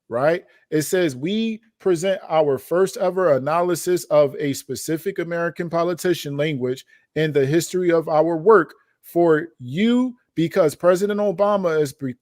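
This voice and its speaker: With a high yet darkish-toned voice, a male host on a commentary show reads quoted passages from documents and follows them with emphatic remarks and rhetorical questions. The sound is clean studio audio with no echo.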